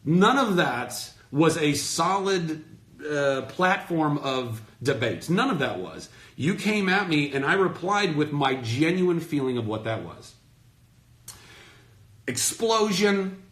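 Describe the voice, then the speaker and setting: A man in his thirties speaks in a fairly high, very lively voice, talking fast and loose on a phone livestream. He rants with real passion and drops curse words for emphasis. The room around him sounds echoey. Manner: passionate, emphatic, swears freely. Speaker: host of his own livestream Q&A. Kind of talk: heated off-the-cuff rant to followers.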